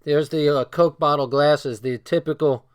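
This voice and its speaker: A man's voice: a little high, steady tone, moderate pace, clean tone. A man casually reading a book aloud and breaking off into loose, swearing asides. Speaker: book reader and commentator.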